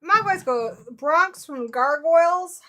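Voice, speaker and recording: Bright high-voiced woman hosting a stream. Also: animated. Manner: chatty, quick to react, talks to viewers by name. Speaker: livestream host. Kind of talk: casual chat, reading viewer comments.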